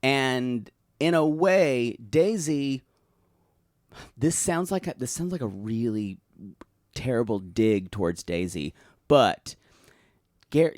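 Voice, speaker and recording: A man with a mid-range, somewhat dark voice co-hosts a podcast, recorded clean and dry in a studio. His casual recap chat rambles, restarts often, and includes quick impressions.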